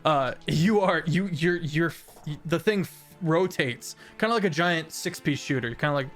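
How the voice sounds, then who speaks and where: Man narrating a tabletop game, slightly high voice. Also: a bit bright, soft background music. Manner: halting, many fillers and laughs. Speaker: game master.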